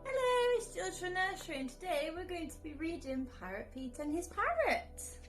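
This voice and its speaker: A woman from a nursery reading a bedtime story aloud in a lively, expressive way. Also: very high-pitched, normal speed, soft background music. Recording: echoey room.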